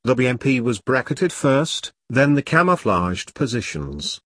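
Man, audiobook narration, steady measured reading, middle pitch, dry close recording. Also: no room sound. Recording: dry close studio sound.

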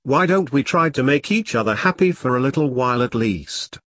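A narrator as a wry weary ex-soldier. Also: male voice, mid-range voice, lively intonation, moderate pace, fairly bright tone, no echo, clean studio sound. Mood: hesitant. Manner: wry, hesitant. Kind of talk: audiobook character reading.

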